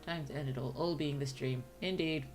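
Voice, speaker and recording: A woman's voice: rumbling low, fairly even intonation, brisk, darkish tone. A woman with an Australian accent chatting casually on a livestream, musing aloud and laughing often. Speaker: streamer and writer.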